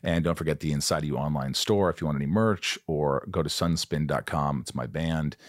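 A man in his fifties hosting a podcast, chatting casually and excitably with his guest. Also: a bass voice, fairly quick, no room sound, clean studio sound. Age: 50s. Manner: chatty and excitable, jumps in with questions. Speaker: podcast host. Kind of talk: casual interview chat.

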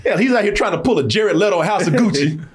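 A man hosting a comedy podcast, reacting to cartoon clips with profane, animated, laughing commentary. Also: high-pitched, fast talker, crowd noise.

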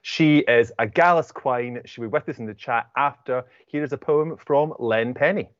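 A man's voice: medium pitch, moderate pace, no echo, lo-fi sound. A man hosting an event, gushing as he introduces guests and reads out donation details. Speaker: host. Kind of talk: hosting a charity book event.

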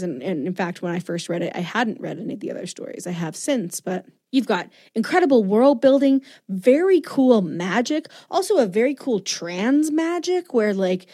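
A woman's voice: medium pitch, mellow, no room sound. Gushing woman podcast host, dry sound. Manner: gushing, enthusiastic. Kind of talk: casual interview chat.

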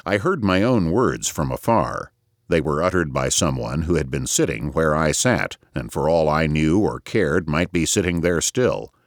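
Very deep-voiced male audiobook narrator. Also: expressive, normal speed, no room sound, studio quality. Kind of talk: first-person audiobook narration.

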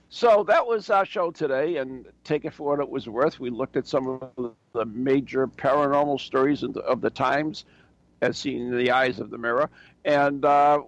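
A man's voice: mid-range voice, gravelly, no echo, lo-fi sound. A man co-hosting a casual chat show, joking and rambling as he reads headlines. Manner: joking, rambling, laughs often. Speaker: podcast co-host.

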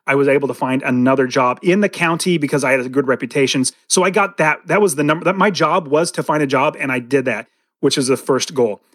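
Higher-pitched man telling a dramatic story. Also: fairly bright tone, no echo. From California. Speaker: podcast guest, real estate investor. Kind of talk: storytelling interview answer.

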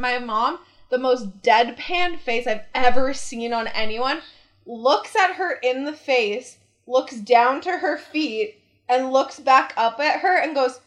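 A woman's voice: high voice, slow. A young woman telling family stories in casual chat, laughing often and acting out the quotes. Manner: animated storyteller, laughs often, acts out quotes.

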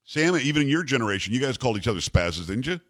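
An older man runs a talk radio show, and his pitch swings widely as he rants. He is blunt and combative, and he jokes as he goes. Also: sing-song, rapid-fire, fairly bright tone. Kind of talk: opinionated talk radio rant.

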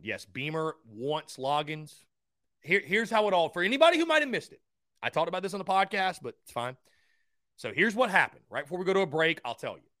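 Excitable, rambling sports talk host man. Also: no room sound, studio quality. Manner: rambling, high-energy, excitable; stammering restarts. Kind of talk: call-in sports radio chat.

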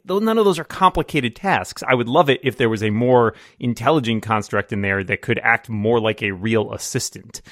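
A man's voice: mid-range voice, moderate pace, few pauses, a bit bright, dry recording. Wry man co-hosting, dry close sound. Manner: wry, joking, thinks aloud with qualifications. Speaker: podcast co-host. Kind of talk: casual tech chat.

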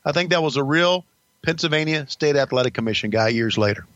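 Brief: older male host, bright forceful voice, blunt and profane storyteller, dull dry recording. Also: a little high, lively intonation, a little fast, no echo. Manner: blunt, profane, rambling with restarts. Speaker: podcast host recalling wrestling career. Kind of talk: casual storytelling.

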